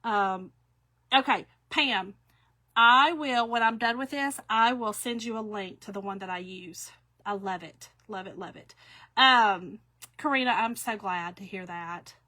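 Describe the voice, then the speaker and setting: A woman's voice: mid-range voice, unhurried, bright, forceful tone, dry recording. A middle-aged woman, rambling through stories while demonstrating a craft to viewers. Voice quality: chatty, rambling storyteller. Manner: talks to viewers while working with her hands. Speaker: craft shop owner. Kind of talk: chatty livestream crafting demo.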